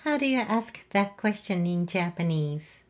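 A woman teaching a language lesson, explaining grammar patiently and saying example sentences out loud. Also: medium pitch, animated, a little slow, muffled recording. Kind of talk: slow, careful lesson explanation.

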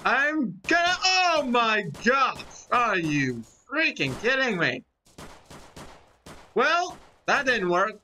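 A person in their twenties giving excited, rambling gameplay commentary, talking straight to viewers and poking fun at themselves. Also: medium pitch, takes it slowly, slight background noise. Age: 20s. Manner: rambling, animated, talks to viewers, self-mocking. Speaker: gaming commentator. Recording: loud game gunfire under the voice.

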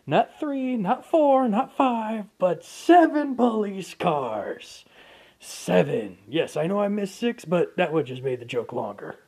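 Young male narrator, slow loose delivery, lively pitch, chatty improvised storytelling. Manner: rambling, jokey asides.

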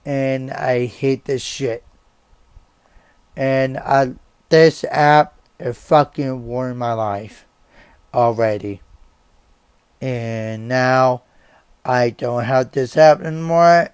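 A man's voice: mid-range voice, a little mellow, clean tone, dry recording. An angry young man ranting to the camera as a vlogger. He swears often, stops mid-sentence and repeats himself. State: angry and upset.

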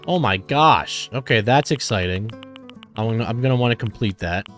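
A young man giving excitable, cursing let's-play commentary while thinking aloud. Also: mid-range voice, moderate pace. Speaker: gaming channel host. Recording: game music behind.

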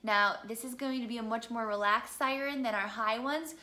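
A young woman from the Midwest gives a singing lesson in a bright, clear voice that sits a little high. She talks in a chatty, encouraging way and demonstrates each vocal exercise as she goes. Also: normal speed. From American Midwest. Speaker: singing teacher.

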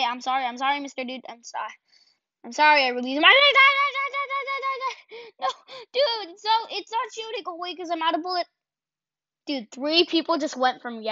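A high-pitched woman talks through her game in casual, excitable bursts, laughing at her own mistakes and firing off repeated words. The sound is dull and lo-fi, with a close, dry feel and no room around it. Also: dry recording. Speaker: gaming channel host. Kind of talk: casual gameplay commentary. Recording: dull lo-fi home recording.

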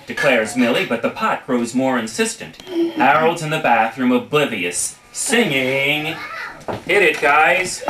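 A man's voice: medium pitch, unhurried. A man reading a comic tribute story aloud at a family party, playful and often prompting the listeners to join in. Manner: lively, playful, breaks off to prompt the audience. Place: living room of a family home. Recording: roomy, distant, noisy home recording.

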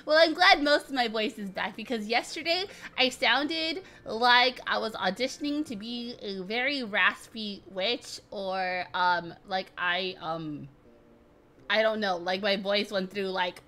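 Speaking in a high, bright voice with lively, unhurried intonation and a forceful edge, this woman streamer greets her viewers one by one over faint background music. A lingering cold makes her voice crack occasionally, yet she remains bubbly and full of giggles in this casual live-stream chat.

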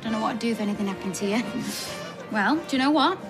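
Wry teasing woman, bright and lively, actress, music under. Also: fairly high pitch, quick pace, close to an everyday voice.

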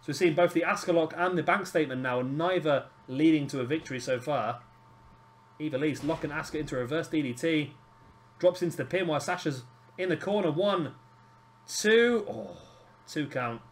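A British man giving casual, excitable play-by-play commentary on a wrestling video game. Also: fairly high pitch, brisk. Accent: British English. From Britain. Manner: excitable, calls near-falls with rising energy.

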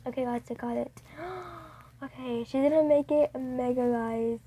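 Woman gaming vlogger, excitable and breathless, mellow voice with a touch of fry. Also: on the high side, moderate pace, a little hiss or hum, rough recording. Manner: excitable, gasping, repeats exclamations. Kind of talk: casual gameplay commentary.

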